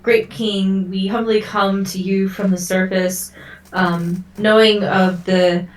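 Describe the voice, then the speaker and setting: Woman doing a humble adventurer envoy, formal and halting, slow delivery, echoey room, voice set back from the mic. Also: medium pitch, little pitch movement, far from the mic, lightly acted. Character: humble female adventurer envoy addressing a king.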